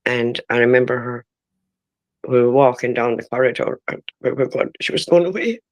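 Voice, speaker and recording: A woman in her sixties with an Irish accent, giving halting, emotional personal testimony in an interview and often breaking off and restarting. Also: rumbling low. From Ireland. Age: 60s.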